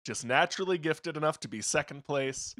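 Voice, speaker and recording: A man's voice: on the high side, a little fast, a bit bright. A man on a podcast panel, adding wry, sarcastic remarks in casual chat.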